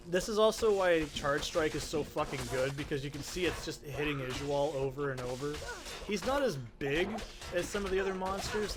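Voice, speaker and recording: A man ranting with heavy profanity and exasperation while commentating his own gameplay. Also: a little high. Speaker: gaming channel host. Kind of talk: let's play commentary.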